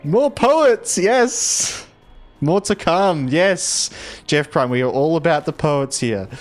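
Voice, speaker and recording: Slow-talking Australian man streaming a game. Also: on the high side, expressive, faint music behind. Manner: chatty and giggly, reads verse dramatically. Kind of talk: casual livestream chat, reading viewer messages aloud.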